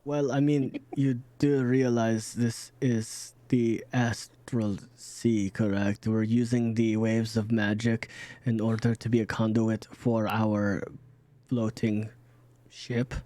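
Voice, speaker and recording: Guy doing a stuck-up ship captain, slow and low, dry close sound. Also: flat delivery, warm tone, no room sound. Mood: condescending. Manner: haughty, questioning, dismissive. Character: pompous, condescending male ship captain.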